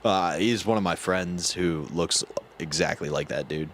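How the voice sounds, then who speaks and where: Low-voiced male podcast co-host. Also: measured pace, a crowd in the background. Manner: joking, teasing, throws in silly voices. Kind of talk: casual comedic banter.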